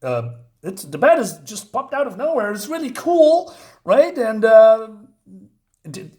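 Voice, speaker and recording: A fairly high-voiced man rants through a comic book review, sounding exasperated and sarcastic. He rambles, stumbles over restarts and piles on fillers. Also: very animated, a little slow, darkish tone. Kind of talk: ranting review.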